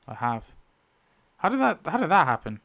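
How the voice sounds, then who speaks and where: A man giving casual, animated commentary as he rewrites a story, thinking aloud, swearing and exclaiming in mock outrage. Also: on the high side, moderate pace, vocal fry. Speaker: YouTube creator.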